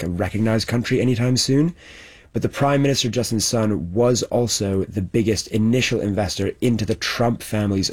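A male documentary journalist explaining his findings in a panel discussion, measured and steady, with some fillers. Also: lowish voice.

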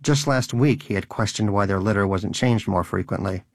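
A man's voice: lowish voice, normal speed, no echo. A man narrating a storybook in a scripted, dry and wry way. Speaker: audiobook narrator.

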